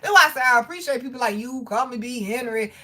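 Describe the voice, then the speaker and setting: A woman hosting a casual livestream, talking straight to her viewers in a loud, profane, animated way with frequent laughter. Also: fairly high pitch, fast. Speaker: livestream host reading chat.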